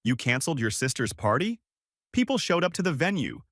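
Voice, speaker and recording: A man's voice: on the high side, sing-song, brisk, no echo, clean studio sound, voice pushed up. A man voicing an angry, demanding father in a spoken story. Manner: shouting, indignant. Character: angry middle-aged father, loud and demanding.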